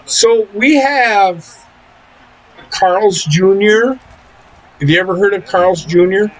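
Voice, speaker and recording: A young gaming streamer chats casually while playing, telling profane stories and laughing often. His voice sits high and moves slowly, and the recording sounds rough.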